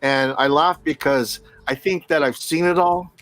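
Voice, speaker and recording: A middle-aged man casually telling a story from work, animated, laughing often and acting out what people said. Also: on the high side, unhurried.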